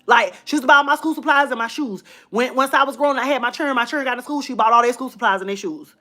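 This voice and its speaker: A woman's voice: on the high side, fast talker, bright, forceful tone. Emotional chatty woman. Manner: chatty, emotional, addresses viewers as y'all. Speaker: vlogger. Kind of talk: casual personal storytelling to viewers.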